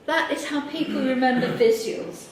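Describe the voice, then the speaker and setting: Higher-voiced English woman in an echoey hall. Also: normal speed. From England. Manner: lively anecdotal, acts out quoted people. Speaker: workshop speaker. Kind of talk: storytelling workshop talk. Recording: echoey hall, mic far off, faint noise.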